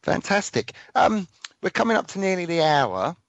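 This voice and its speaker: A man's voice: high voice, very animated, moderate pace, a bit bright, dry recording. A man hosting a casual radio interview, talking with many hesitant fillers. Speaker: radio host.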